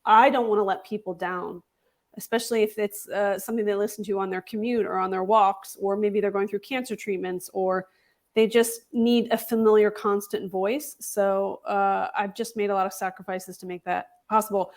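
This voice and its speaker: A woman's voice: mid-range voice, steady tone, moderate pace. A woman guest in an interview, articulate and assured, explaining her views at length. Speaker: podcast host guest. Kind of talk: interview answers.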